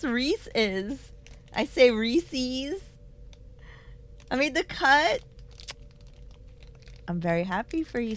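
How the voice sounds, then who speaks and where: A woman streaming live, chatting casually with her viewers, reading their messages aloud and laughing often, talking into a desk microphone. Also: high-pitched. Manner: playful, animated, reads chat aloud, laughs often.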